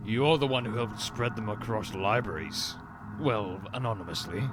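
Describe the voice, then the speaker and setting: A man's voice: on the low side, lively intonation, normal speed, close to an everyday voice. A man voicing an earnest young male robot archivist in a fan audio drama, speaking in a hesitant, apologetic way.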